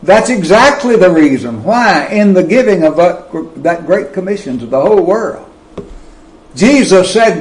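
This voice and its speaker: Emphatic male preacher, slow deliberate sermon delivery with swooping intonation. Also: big pitch swings, reverberant, rough recording. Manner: slow and emphatic, with wide swings of pitch and loudness.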